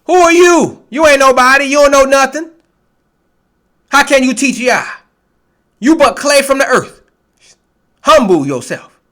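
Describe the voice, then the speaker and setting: A man's voice: extremely high pitch, lively intonation, measured pace, pauses often, sharp tone. A man preaching a blunt, profane, confrontational sermon and reading scripture aloud. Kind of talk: street-style sermon, Bible reading.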